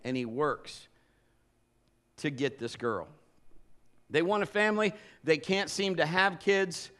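A man's voice: fairly high pitch, unhurried, pauses often. A male pastor preaching a sermon and telling stories with humor and energy. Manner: animated, humorous storytelling.

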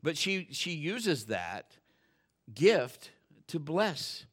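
A male pastor preaching a sermon in a folksy, joking way, dropping to quiet asides and building to loud, fervent stretches. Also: on the high side, very animated, very slow, slightly rough. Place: church.

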